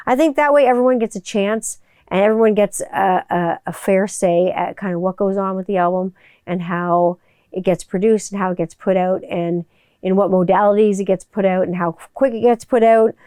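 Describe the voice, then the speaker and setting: A woman's voice: medium pitch, darkish tone, clean tone, no echo, clean studio sound. Candid, profane woman podcast host. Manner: candid and profane, with rambling restarts. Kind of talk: casual solo podcast monologue. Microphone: studio microphone.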